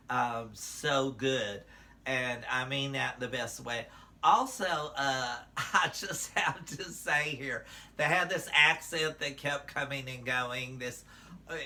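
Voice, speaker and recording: An older man with a strikingly bright, sharp voice reviews contestants in casual commentary. He rambles amiably, with plenty of "uh"s and playful asides, at a middling pitch. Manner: chatty, with frequent "uh" fillers and playful asides. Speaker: drag performer reviewing a show.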